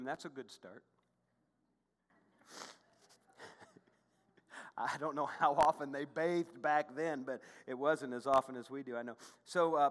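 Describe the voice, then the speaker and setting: A male pastor preaching a sermon in a lively, conversational way, with frequent asides to the congregation. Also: medium pitch, takes it slowly, long pauses, big-room sound. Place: church sanctuary.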